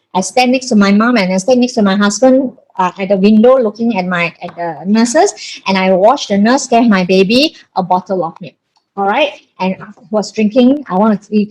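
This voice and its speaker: A woman with a Malaysian English accent, a breastfeeding consultant telling her own story to camera, animated and chatty. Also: mid-range voice, poor audio. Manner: animated, acts out voices, chatty fillers like "ah" and "lah".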